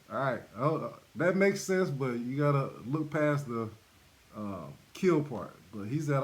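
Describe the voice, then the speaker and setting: A man's voice: mid-range voice, lively intonation, slow, pauses often. Emphatic male bible teacher. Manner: repetitive, emphatic, laughs between points. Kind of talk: sermon-style bible study.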